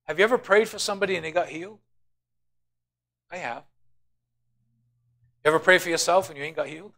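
Man preaching a lively call-and-response sermon. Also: high-pitched, a little fast, gravelly. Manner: preaching with call-and-response, swinging from soft asides to loud emphasis. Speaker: pastor.

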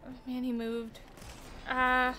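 Excitable high-voiced woman gamer. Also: takes it slowly, slight background noise. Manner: excitable, swears and yelps while panicking. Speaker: gamer streamer. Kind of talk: casual gameplay commentary.

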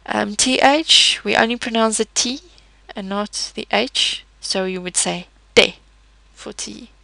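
A woman teaching a French pronunciation lesson in a patient, methodical way, slowing down to model each word. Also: mid-range voice, creaky, pushed and bright, no room sound. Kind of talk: explanatory language lesson.

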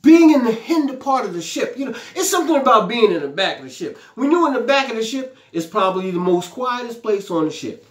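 Fervent preacher in an echoey room. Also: male voice, very high-pitched, sing-song, fairly quick, hardly any pauses. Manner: fervent, rising exclamations and repeated phrases; paraphrases the scripture aloud in a pleading voice. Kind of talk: sermon.

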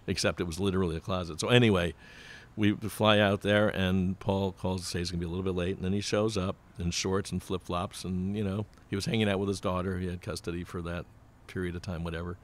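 Low-voiced older man telling stories. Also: level tone, fast talker. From United States. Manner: rambling anecdotes, laughs often. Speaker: podcast guest, banjo player. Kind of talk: casual storytelling.

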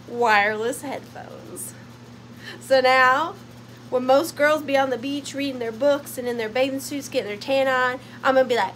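A woman's voice: high-pitched, fairly bright tone, slight background noise. A young woman selling vintage items in a bubbly, playful live sale, chatting to her pieces as if they were friends. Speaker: online vintage seller. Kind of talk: casual live sale chat.

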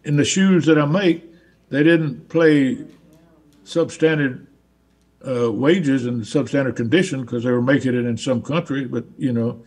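Husky-voiced man with a Southern accent. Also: medium pitch, a little slow, a little mellow. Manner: rambling, repeats words as he restarts. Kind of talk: casual storytelling conversation.

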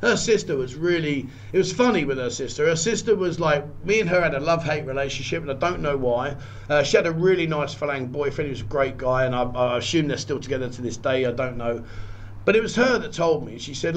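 A man earnestly telling a personal story, often halting and repeating words. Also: fairly high pitch, slight background noise. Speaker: guest telling his story.

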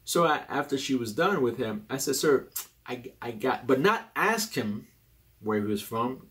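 A young adult man hosting a casual talk about personality types, animated and rambling, often restarting his sentences. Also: measured pace. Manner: animated and rambling, with many restarts and sudden jumps in pitch. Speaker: host.

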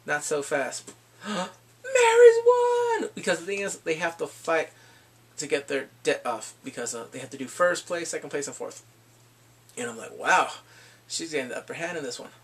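A man's voice: fairly high pitch, fairly quick, a bit bright, slightly rough. A man recapping an anime episode in a casual review, acting out scenes with laughs and exclamations.

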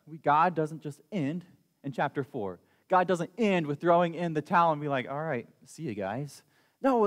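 A young man preaches in a church with a slightly high voice, talking to the congregation in an easy, earnest way and pausing to read scripture. His voice carries a long reverb from the large room. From United States. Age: young adult. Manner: conversational, earnest, reads scripture aloud. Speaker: student preacher. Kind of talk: sermon. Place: church sanctuary.

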